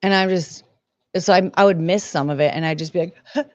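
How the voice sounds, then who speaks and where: Woman streamer rambling on, kinda low voice, dry slightly muffled sound. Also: a little fast, a little mellow, dry recording. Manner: rambling, emotional, swears freely. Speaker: livestream host. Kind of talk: casual livestream commentary.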